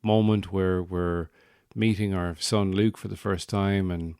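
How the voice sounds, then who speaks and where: Deep-voiced Irish man telling a comic story. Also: steady tone, unhurried, darkish tone, clear, resonant tone, no echo, studio quality. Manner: rambling, digressive, wry. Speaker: podcast host.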